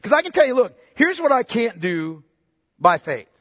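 A male preacher with a strikingly high voice delivers an impassioned sermon, pressing his listeners with pointed questions. He drops to near-whispers, then builds to forceful declarations. His voice sounds dry and close, yet a long reverb trails behind it. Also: big pitch swings, normal speed, husky. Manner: impassioned, swings from hushed to forceful.

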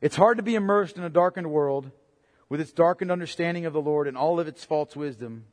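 A man preaching a sermon as pastor, impassioned, swinging between loud outbursts and low, quiet emphasis. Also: brisk. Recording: long hall reverb.

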